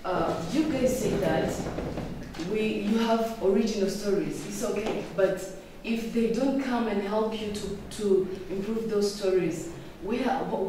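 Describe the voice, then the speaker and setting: A woman's voice: medium pitch, a little slow. A young woman speaking for the opposing side as a student debater in a classroom debate, blunt and challenging. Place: university classroom. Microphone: distant room mic. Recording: echoey noisy room, from far off.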